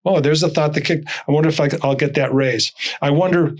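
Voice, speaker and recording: Older male guest speaker, slightly high voice, animated storyteller who voices the people in his anecdotes. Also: a little fast. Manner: animated, acts out dialogue in stories. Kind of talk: storytelling interview talk.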